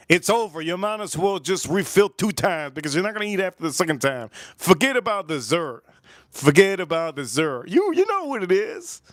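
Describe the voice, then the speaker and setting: Lively rambling man on a livestream. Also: fairly high pitch, no echo, studio quality. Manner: rambling, repeats himself, joking asides to chat. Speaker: livestream host reviewing whiskey. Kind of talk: casual livestream chat.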